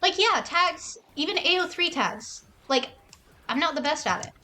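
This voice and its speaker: A woman streamer ranting casually and with plenty of swearing, acting out other people's lines in quick mock voices. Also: sits high, lively intonation, sharp tone, a little hiss or hum.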